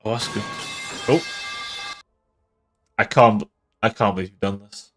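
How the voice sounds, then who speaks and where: A man's voice: fairly low pitch, unhurried, pauses often, fairly bright tone, husky, soft background music. A man casually commenting on his own live strategy gameplay, joking and swearing as he plays. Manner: joking, sweary, mock-offended. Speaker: streamer.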